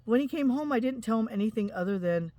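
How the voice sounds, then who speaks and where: A woman's voice: fairly high pitch, animated, warm tone, dry recording. Earnest woman sharing a spiritual story. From Utah, USA. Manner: earnest, emotional, halting with restarts. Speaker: spiritual vlogger. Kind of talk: personal testimony to camera.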